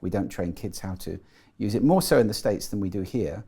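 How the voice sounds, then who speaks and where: Low gravelly man explaining. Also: fairly quick, mellow. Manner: articulate and enthusiastic, demonstrates voices while explaining. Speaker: guest, voice and sound expert. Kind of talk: explanatory interview talk.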